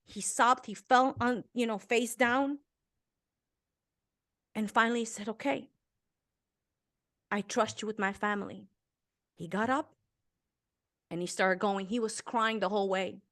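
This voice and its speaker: A woman in her fifties from Romania, a guest author telling a personal story in an interview, earnest and emotional, swelling and dropping to a hush. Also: on the high side, measured pace, long pauses. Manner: earnest and emotional, with intense swells and hushed drops.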